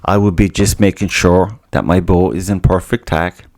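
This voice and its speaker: Low-pitched man, middle-aged, casual podcast monologue, rambling and sweary. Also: steady tone, moderate pace, a little mellow, slight background noise. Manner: rambling, profane, self-mocking. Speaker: podcast host.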